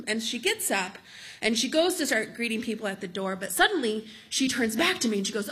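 A woman telling a true story on stage in a lively, amused, conversational way. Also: fairly high pitch, brisk.

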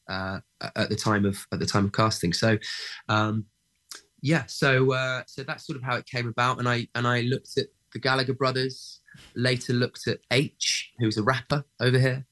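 A young man talks through his thoughts in a relaxed interview. He hesitates often, looping back with ums and restarts before landing his point. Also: medium pitch, normal speed. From England. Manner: hesitant, many fillers and restarts. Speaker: actor guest. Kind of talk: casual interview chat.

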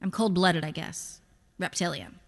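A woman in her thirties reading literary fiction aloud in a dry, wry, deadpan way. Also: lowish voice, unhurried. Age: 30s. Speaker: reader. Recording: long hall reverb.

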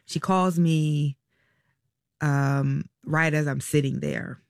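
Gravelly, reflective mother recalling hard choices. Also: sits low, fairly even intonation, no room sound, clean studio sound. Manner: halting, reflective, soft-spoken. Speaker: interview guest, parent. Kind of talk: emotional personal recollection.

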